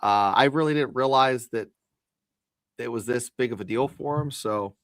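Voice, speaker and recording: A man on a casual sports podcast panel cracks jokes and laughs often. His voice rings bright, with a dry, close sound. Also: medium pitch, normal speed, no room sound.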